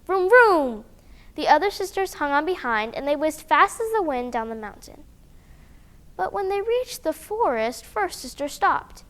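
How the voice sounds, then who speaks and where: A woman reading a children's picture book aloud, animated and expressive, with sound effects. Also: sits high, moderate pace. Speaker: storyteller.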